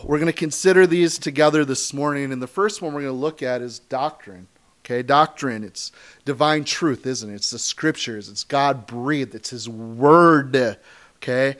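A man preaching a sermon as a pastor, in a conversational, animated way with asides and small laughs. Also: mid-range voice.

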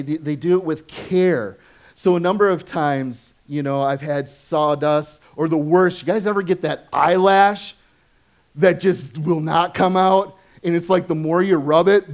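Animated pastor, chatty and questioning. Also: male voice. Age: adult, has children. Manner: conversational, asks the congregation questions often; swings from animated to soft and low. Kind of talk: sermon.

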